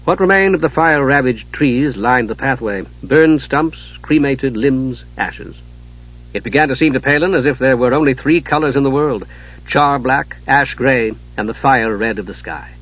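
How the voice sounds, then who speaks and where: A man reads an audiobook in a measured, dramatic way, his voice a little husky. The audio is dull and lo-fi, like an old tape. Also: medium pitch, fairly bright tone. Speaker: narrator. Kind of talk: audiobook narration.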